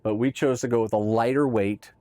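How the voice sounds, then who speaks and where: A man's voice: medium pitch, steady tone, a little fast, mellow, no room sound. A man casually explaining boat gear in a conversational how-to talk, often checking in with "right?". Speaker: boat owner explaining boat tops.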